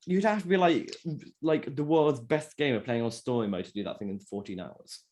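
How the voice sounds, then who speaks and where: A man's voice: medium pitch, brisk, a little mellow. A young man hosting a casual podcast chat, joking and teasing his co-host.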